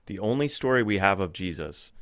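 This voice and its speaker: A man talking as a podcast guest in a casual conversation, thinking aloud with restarts and growing animated when he retells stories. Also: deep voice, brisk, no echo, studio quality. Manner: thoughtful, with frequent restarts and fillers.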